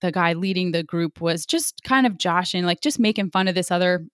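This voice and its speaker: A woman's voice: on the low side, brisk, no room sound, studio quality. A woman in her forties, a sports medicine physician, speaks candidly as an interview guest, telling stories with lots of fillers. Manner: candid, animated, frequent fillers.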